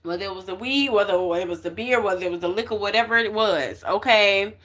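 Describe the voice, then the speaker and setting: A woman's voice: mid-range voice, a little fast, a bit bright. A young woman doing a casual spiritual card reading for her viewers, talking emphatically and checking in with "okay" and "y'all" over and over. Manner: chatty, emphatic, keeps saying okay and y'all.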